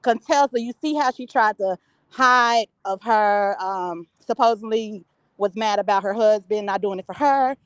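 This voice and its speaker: A woman's voice: medium pitch, moderate pace, clean tone, dry recording, poor audio. A woman calling in to a live show, giving blunt, chatty opinions with lots of filler words. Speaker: caller. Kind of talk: casual call-in opinions.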